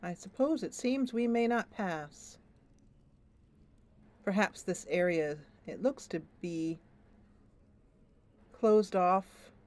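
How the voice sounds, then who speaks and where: A woman's voice: medium pitch, slow, pauses often, darkish tone. A woman streamer narrating a story-driven fantasy video game aloud, thoughtful and musing.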